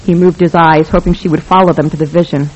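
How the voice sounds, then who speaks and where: A narrator reading a novel aloud in a wry, even manner. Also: medium pitch, quick pace, dull audio. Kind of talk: scripted audiobook narration.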